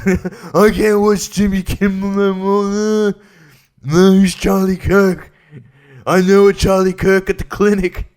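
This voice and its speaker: A man voicing a dopey, slow-talking man with a drawn-out, high whine. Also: little pitch movement, a little mellow. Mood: whiny.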